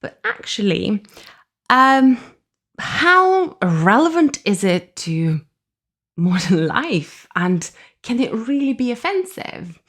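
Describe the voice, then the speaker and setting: Lively Russian-accented woman musing aloud. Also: a little high, slow. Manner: thoughtful, lively, laughs often while explaining. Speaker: podcast host. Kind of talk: reflective solo podcast talk.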